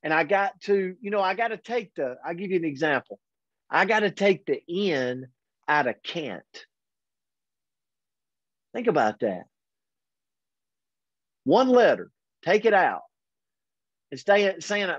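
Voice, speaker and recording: A man's voice: fairly high pitch, unhurried, pauses often, no echo. Earnest man giving a pep talk. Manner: energetic and earnest, often says "man". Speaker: host and motivational coach. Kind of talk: daily motivational pep talk. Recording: dull, lo-fi dry recording.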